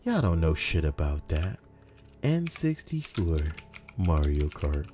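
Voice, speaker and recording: A man's voice: low-pitched, sing-song, slow pace, dark tone, a little hiss or hum. A young man casually reading out forum posts, rambling and sarcastic, with frequent swearing. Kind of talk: casual reaction commentary.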